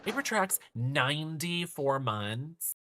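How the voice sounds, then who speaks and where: A woman's voice: sits low, sing-song, slow pace, music in the background. A woman livestreaming a horror game, chatting in a campy, sassy way and answering her viewers. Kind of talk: casual livestream commentary.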